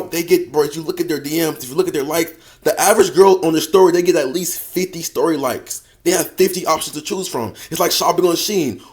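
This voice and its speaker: A man's voice: fairly high pitch, a little mellow. A man giving dating advice as a coach in a casual, slangy, profane monologue, often repeating phrases and calling the listener bro. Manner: slangy, profane, emphatic street talk.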